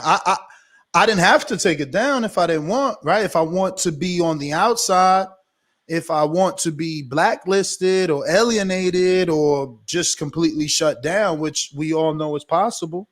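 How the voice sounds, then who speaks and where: Casting: American man, high-pitched voice, emphatic, persuasive guest in casual chat. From United States. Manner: emphatic, persuasive, rhetorical questions. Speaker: boxing podcast host, guest.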